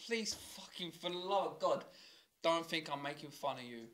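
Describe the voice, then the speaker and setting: A young man with a working-class London accent, talking in a bright, slightly high voice. He rambles and swears freely through casual podcast chat with his brother, laughing along as he goes. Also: expressive, moderate pace. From South London. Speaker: podcast co-host.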